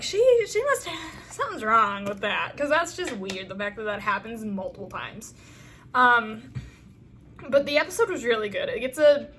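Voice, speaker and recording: A woman's voice: on the high side, bright, forceful tone, slight background noise. A woman reviewing a TV episode in a casual chat, enthusiastic and rambling, with lots of "um" and "like". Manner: enthusiastic, rambling, heavy use of fillers. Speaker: fan video reviewer.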